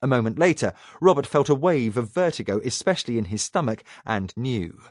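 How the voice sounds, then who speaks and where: A male audiobook narrator reads science fiction with a dramatic, expressive delivery. His voice rises and falls in a lively way. The recording is dry and close, with no room sound. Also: mid-range voice, brisk, dry recording. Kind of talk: scripted narration.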